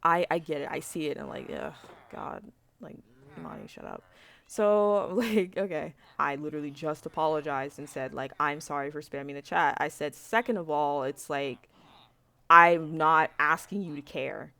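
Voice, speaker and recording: A woman's voice: low voice, normal speed, vocal fry. A young woman telling a story to camera in a frank, rambling rant, with lots of fillers and swearing. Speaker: vlogger.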